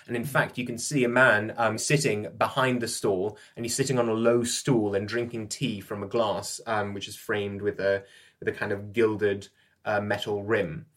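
A man's voice: fairly low pitch, level tone, normal speed, fairly bright tone. A man running a tabletop role-playing game as game master, narrating in a rambling way with frequent laughs. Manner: rambling, laughs often, restarts sentences.

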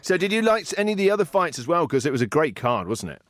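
A man hosting a casual combat-sports podcast, jokey and excitable, swearing freely. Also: fairly high pitch, fast talker, no room sound. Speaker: podcast host. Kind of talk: casual chat.

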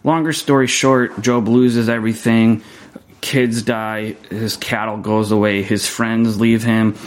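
A man's voice: lowish voice, flat delivery. A man hosting a faith podcast, reading a psalm aloud and then reflecting on it in an earnest, casual way. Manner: earnest, reads scripture slowly then talks casually.

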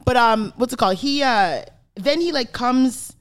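Speaking at a normal speed in a fairly high voice, a young podcast co-host shares animated stories in casual conversation. She swears freely and drops "like" constantly.

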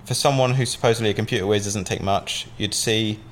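A man's voice: fairly low pitch, fairly even intonation, brisk, slight background noise. A man from Southampton, telling a long story as a podcast guest in a casual, rambling way, full of fillers and swearing. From Southampton, England.

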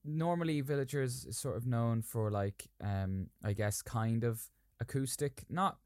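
A man's voice: mid-range voice, a little slow, a little mellow, dry recording, studio quality. A man co-hosting a podcast in casual chat, joking around playfully. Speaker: podcast co-host.

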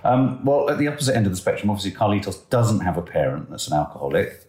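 A middle-aged man co-hosts a casual parenting podcast, with a somewhat low voice that bounces around a roomy, echoey space. He tells stories in an animated way and slips into the voices of the people he quotes. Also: fast. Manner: animated storyteller who acts out quoted voices. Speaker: podcast co-host. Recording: roomy echo.

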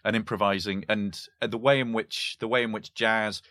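A man's voice: fairly low pitch, normal speed, no echo. A man, a history professor, talking casually about language games with lots of restarts and giggles. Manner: animated, giggly, hesitant restarts. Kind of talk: casual conversation.

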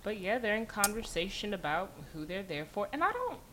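A woman's voice: mid-range voice, big pitch swings, fairly quick, fairly bright tone. A woman co-hosting a podcast over a video call, talking through her thoughts with fillers and self-corrections. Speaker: podcast co-host. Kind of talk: casual chat.

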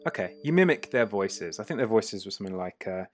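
Low-voiced male game master. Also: animated, slight background noise. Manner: casual, with fillers and quick restarts. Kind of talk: narrating a tabletop game.

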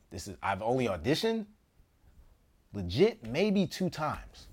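An actor tells a comedic story from his own life in a casual way, laughing often and jumping between loud bursts and hushed asides. His husky, mid-range voice swoops wildly in pitch, and he takes his time.

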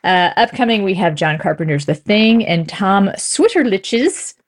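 A woman's voice: medium pitch, expressive, measured pace. Laughing, chatty woman podcast co-host. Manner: laughs often, chatty, restarts playfully. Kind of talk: casual chat.

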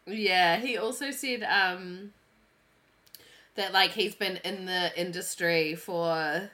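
A woman's voice: on the low side, slow, pushed and bright. A woman in her thirties co-hosting a podcast in casual chat, talking in a giggly, chatty way full of "like" fillers. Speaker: podcast co-host.

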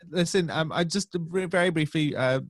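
A man's voice: a little high, moderate pace, dry recording. Chatty podcast host man, dry close sound. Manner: chatty, laughing, lots of fillers and restarts, storytelling. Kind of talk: casual interview conversation.

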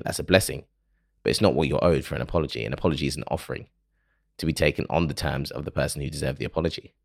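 Podcast host, male, very low gravelly voice, earnest solo reflection, dry close sound. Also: dry recording. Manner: earnest, emotional, self-questioning.

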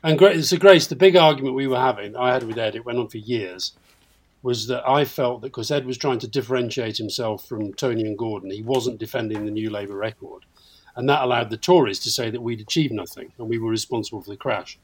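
A man in his sixties in casual chat, reflective, sometimes dropping to a quieter voice. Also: fairly quick, slightly rough. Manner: reflective, trails off into a lower, quieter voice. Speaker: podcast host.

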